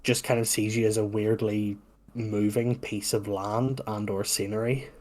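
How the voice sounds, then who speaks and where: A man's voice: lowish voice, flat delivery, measured pace, a little mellow. A man running a tabletop game as game master, describing scenes in a meandering way full of "like". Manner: meandering, hedging with "like".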